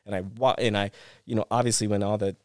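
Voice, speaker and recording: A man's voice: fairly low pitch, steady tone, fast, smooth, no room sound, clean studio sound. A middle-aged man, a former pro snowboarder, retelling an avalanche rescue as a podcast guest in a rush of restarts and repeated phrases. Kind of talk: casual storytelling interview.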